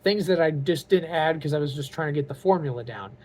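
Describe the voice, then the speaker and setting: A man's voice: on the high side, fast, a little mellow. Man, casual vlog, earnest, heartfelt, rambling, filler-heavy. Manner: earnest and rambling, full of "like" and "you know"; heartfelt and openly emotional. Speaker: vlogger and aspiring author. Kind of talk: casual talk to camera.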